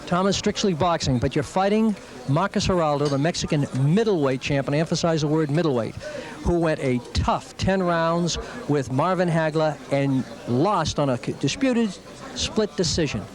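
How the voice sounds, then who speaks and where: Pointed sports interviewer, slightly high voice. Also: male voice, moderate pace. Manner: formal, pointed questions. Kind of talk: press conference questioning.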